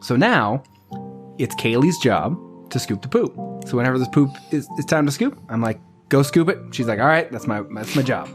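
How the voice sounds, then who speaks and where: A man co-hosting a casual podcast, telling a relaxed anecdote about his kids. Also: mid-range voice, moderate pace, over music. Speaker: podcast co-host.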